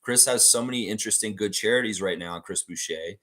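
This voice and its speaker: Rambling low-voiced Canadian man. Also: a little fast, a bit bright. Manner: rambling, many fillers and self-corrections. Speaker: podcast host. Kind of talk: casual live-stream chat, reading viewer comments.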